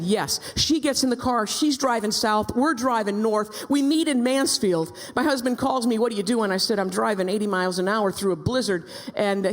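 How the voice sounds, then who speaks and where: A woman giving a storytelling speech at a rally, animated, acting out quotes and repeating herself. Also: on the high side. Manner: animated, acts out quotes, many repeated ands. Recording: long reverb in a large hall.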